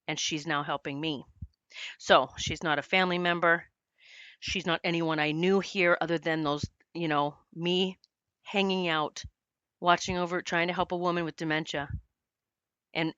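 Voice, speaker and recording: Woman, middle-aged, podcast host, earnest storytelling, lowish smooth voice, dry slightly muffled recording. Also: fairly bright tone, dry recording. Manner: earnest, emotional retelling with quoted dialogue. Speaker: podcast host, psychic medium. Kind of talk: personal storytelling monologue.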